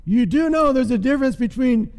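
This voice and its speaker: Dry, knowing pig, as a preacher puts it on, mellow tone, hall echo. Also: male voice, very high-pitched, animated, a little fast, voice pushed up. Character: wry, knowing farm pig. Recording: long hall reverb.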